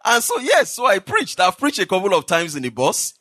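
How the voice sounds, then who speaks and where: A man with a Nigerian accent preaching in church, telling testimonies in a lively way with bursts of laughter. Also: sits high, quick pace. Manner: animated storytelling with laughter. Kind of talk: sermon testimony.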